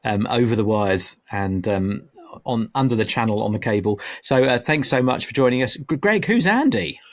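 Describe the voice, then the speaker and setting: A man's voice: medium pitch, moderate pace. A man hosting a podcast for church leaders, chatting casually and teasing his guests in a playful way. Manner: playful, teasing, lively intonation. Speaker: podcast host.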